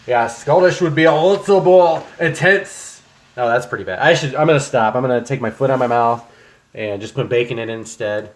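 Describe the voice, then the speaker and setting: Young man, casual livestream chat, home kitchen, rambling, lots of ums, mid-pitched. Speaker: streamer.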